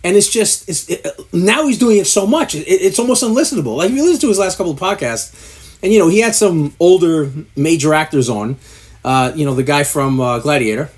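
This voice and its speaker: A podcast-producer type vents his pet peeves to the camera, dispensing ranting advice with cursing, blunt frustration. His husky voice is animated and brisk, its pitch swinging widely as he mimics people to mock them.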